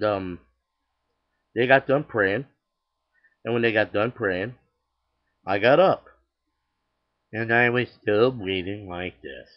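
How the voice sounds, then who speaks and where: A man's voice: on the low side, lo-fi sound. An older man casually telling his personal faith testimony, chatty and acting out the dialogue with many restarts. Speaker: storyteller sharing his testimony.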